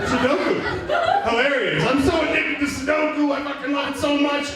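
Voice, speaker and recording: A man's voice: very high-pitched, steady tone, moderate pace, a loud crowd. A man doing a stand-up comedy set in a small bar, profane, rambling and self-mocking. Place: small bar venue, indoors. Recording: echoey room from far off, audience noise.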